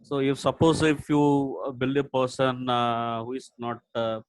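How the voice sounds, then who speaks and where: A man joining a webinar to ask a question, polite and hesitant, with many "uh" pauses, calling the speaker sir. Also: medium pitch, fairly even intonation, smooth, dry recording, rough recording. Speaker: webinar participant asking a question.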